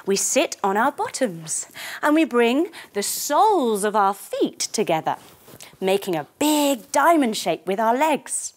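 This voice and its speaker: A woman's voice: on the high side, very animated, unhurried. A woman leading a children's yoga class through a story, giving encouraging instructions and making playful sound effects.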